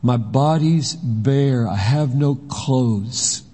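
A man voicing a frightened, earnest young male disciple who tells his story in a rushing, slightly raised voice. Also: mid-range voice, mellow, husky. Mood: timid. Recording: long hall reverb.

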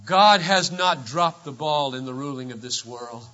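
A man preaching a sermon as pastor, emphatic and swinging between loud declarations and hushed asides, on a dull lo-fi recording. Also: medium pitch, unhurried.

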